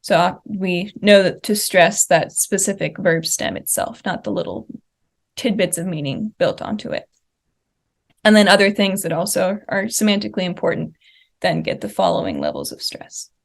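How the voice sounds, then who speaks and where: A young woman presents linguistics research at a conference, walking through slide examples step by step with occasional fillers like uh and um. Her voice is lowish, sing-song and gravelly, at a moderate pace.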